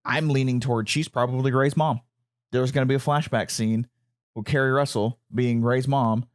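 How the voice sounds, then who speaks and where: A man's voice: mid-range voice, fairly even intonation, normal speed. A man, co-hosting a casual pop-culture chat, rambling and stammering as he corrects himself. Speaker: podcast co-host.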